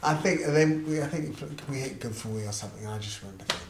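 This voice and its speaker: A middle-aged musician and artist manager rattles off an interview anecdote at rapid-fire speed in a medium-pitched voice. He's animated and performs the quoted voices as he goes. Echo from the room and faint background noise are audible.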